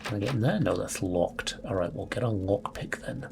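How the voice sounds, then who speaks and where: A man's voice: on the low side, normal speed, gravelly, over music. A man casually commentating his own gameplay, chatty, playful and sweary. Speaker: let's play host.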